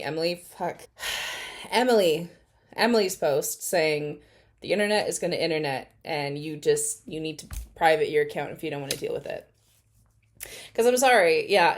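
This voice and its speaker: A woman's voice: on the low side, darkish tone. A young adult woman hosting a reaction video, reading messages aloud and commenting bluntly, with plenty of swearing. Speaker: reaction channel host. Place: at home by an open door near a main road.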